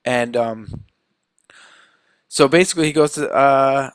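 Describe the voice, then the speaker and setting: Young male podcast co-host, chatty recap, quick character quotes, dry close-mic sound. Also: medium pitch, smooth, dry recording. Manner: retells scenes with quick quoted voices. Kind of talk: casual recap.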